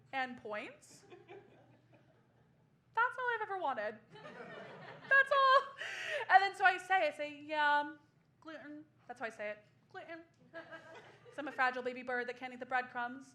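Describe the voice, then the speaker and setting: A woman's voice: sits high, pushed and bright, slight background noise. A woman in her twenties doing a sardonic, self-mocking stand-up comedy set on a small club stage.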